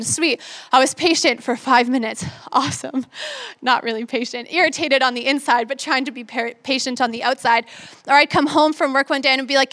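A woman's voice: high-pitched, fairly even intonation, a little fast, pushed and bright, no room sound. A woman in her twenties giving a sermon in an upbeat, conversational way, acting out her own thoughts as she tells a story. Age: 20s. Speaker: young preacher.

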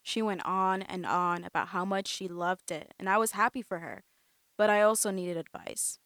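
A young woman reading a personal story aloud, quiet and reflective, breaking into sharp acted-out quotes. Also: medium pitch, steady tone, normal speed, dry recording. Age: young adult. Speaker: narrator.

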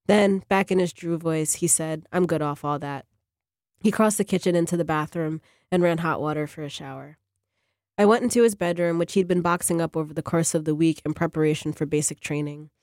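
A woman, a fiction writer, reading her own short story on a radio program in a measured, even way. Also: low voice, no room sound, studio quality.

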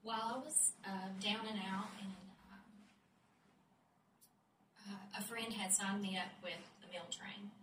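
A woman's voice: medium pitch, fairly even intonation, measured pace, bright, forceful tone. A woman and foster mother telling a heartfelt personal testimony with many hesitations. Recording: roomy, distant mic, audible noise.

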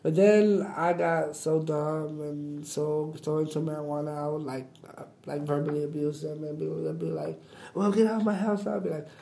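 A young man with a deep, raspy voice from smoking, talking casually in an interview, halting and repeating himself with lots of "like". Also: warm tone. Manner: halting, repeats words, says "like" often. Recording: roomy echo.

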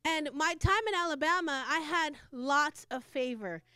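Very high-voiced woman preaching fervently. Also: measured pace, sharp tone, dry recording. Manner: fervent, repetitive, laughs between phrases. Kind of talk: sermon.

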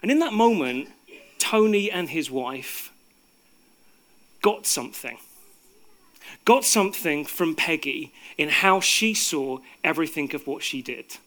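Male storyteller, bright and forceful tone, unhurried with fillers, hushes for suspense. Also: fairly high pitch, animated. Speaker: speaker. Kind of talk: storytelling talk.

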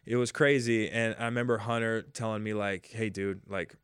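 A man in his forties, a former ballplayer, telling stories casually in an interview and loudly acting out the lines he quotes. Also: on the low side, moderate pace, smooth, no echo, studio quality. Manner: animated storyteller, acts out quotes loudly. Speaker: former baseball player, guest.

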